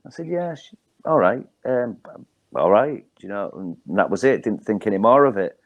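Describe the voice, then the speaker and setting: A man's voice: lowish voice, expressive, moderate pace, highs cut off. A middle-aged man with a Hull accent, a guest comedian telling rambling, wry stories with lots of ums. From Hull, England. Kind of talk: casual storytelling.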